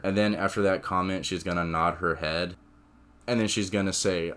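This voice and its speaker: A man hosting a video, telling a made-up story in a rambling, animated way full of fillers. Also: deep voice, normal speed, clear, resonant tone. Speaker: video host. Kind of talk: casual storytelling.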